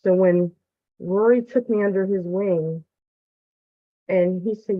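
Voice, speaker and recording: A woman's voice: mid-range voice, unhurried, pauses often, no echo. A woman member sharing a heartfelt testimonial on a group call, earnest and close to tears. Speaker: student member of the community. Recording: dry, tinny phone-like line.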